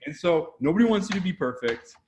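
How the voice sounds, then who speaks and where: A man's voice: high-pitched, fast talker, slight background noise. A man with a Canadian accent, a guest photographer talking animatedly in a casual video interview and acting out quotes. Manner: energetic, animated, acts out quotes.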